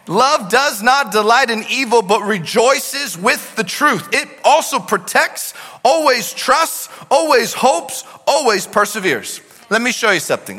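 A man preaching a sermon as pastor, animated, swinging from shouts to quiet asides. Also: very high voice. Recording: long hall reverb.

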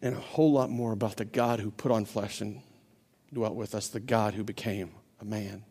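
A man preaching a sermon as pastor, building to loud, impassioned stretches and often repeating words as he restarts. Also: on the low side, fairly even intonation, normal speed, husky. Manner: impassioned preaching that builds to near-shouting climaxes.

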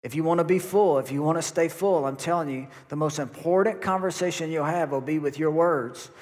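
A male pastor preaches an emphatic sermon, repeating phrases to drive them home. His voice is a little on the high side, fairly quick and a little mellow, with long church sanctuary reverb around it.

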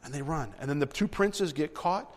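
A man preaching and reading Bible verses aloud, animated and repeating himself as he acts out the story. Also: on the high side, normal speed, in a large hall. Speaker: preacher teaching a Bible passage.

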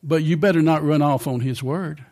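Here an older male preacher talks through his sermon conversationally, pausing to check in with the people listening. He speaks at a moderate pace in a slightly mellow voice that sits a little above most men's.

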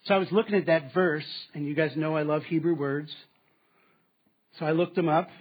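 A man preaching a sermon, moving between strong statements and quiet asides. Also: fairly high pitch, steady tone, normal speed, slightly rough. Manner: dynamic preaching, dropping to quiet asides with laughs. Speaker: pastor. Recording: slightly dull, muffled sound.

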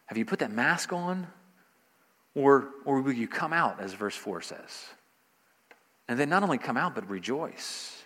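A male pastor delivers a sermon at a mid pitch, pressing his points with rising emphasis and repeating key phrases. His voice rings out with a long reverb tail, as if from a large church sanctuary. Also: expressive, unhurried, pauses often, fairly bright tone.

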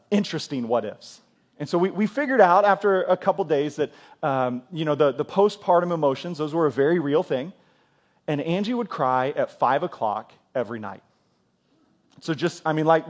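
Conversational pastor man, higher voice. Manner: conversational, repeats words and asks the crowd questions. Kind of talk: sermon. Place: church.

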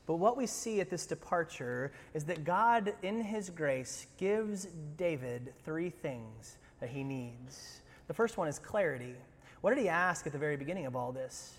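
A pastor preaching a sermon, animated and conversational, with humorous asides. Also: male voice, a little high, normal speed, big-room sound.

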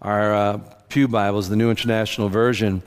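A man's voice: on the low side, a little fast, clean tone, big-room sound. A middle-aged man preaching a sermon as pastor, speaking conversationally and acting out the voices in the story. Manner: conversational, animated quotes of biblical voices. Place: church sanctuary.

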